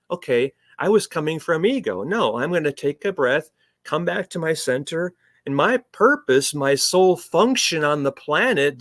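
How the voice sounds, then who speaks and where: A man's voice: a little high, dry recording. Earnest man, dry close sound. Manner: earnest, reflective, with many restarts. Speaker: spiritual coach. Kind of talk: conversational podcast interview.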